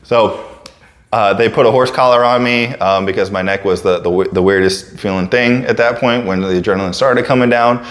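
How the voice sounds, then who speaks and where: A man with a very low voice telling a story to camera in a loose, casual manner. He stumbles over fillers and restarts and jumps into other people's voices as he goes. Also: fairly quick. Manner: relaxed, full of fillers and restarts, acts out others' lines. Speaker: fitness coach and storyteller.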